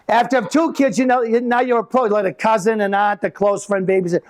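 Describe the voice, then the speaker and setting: A middle-aged man performing live stand-up comedy, telling animated stories and acting out voices. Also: high-pitched, fast talker, a little hiss or hum. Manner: animated storytelling with acted-out voices. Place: live venue with an audience.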